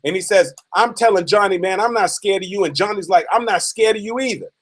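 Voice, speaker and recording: A man with a high voice tells a motivational story. He plays out the dialogue as he retells it and keeps dropping in "man". He builds the scene slowly, then speeds up at the dramatic moments. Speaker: motivational speaker.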